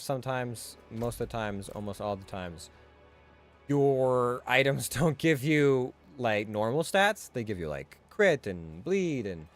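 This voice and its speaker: A man streaming a hardcore game run, rambling casually with fillers and restarts as he thinks aloud. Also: mid-range voice. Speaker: gaming streamer. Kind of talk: casual gameplay commentary.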